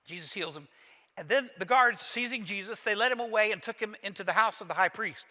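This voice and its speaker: A man's voice: sits high, fairly quick, sharp tone. A man from Kentucky preaching a sermon as pastor, retelling the scene dramatically with folksy humor. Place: large church auditorium. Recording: reverberant church hall.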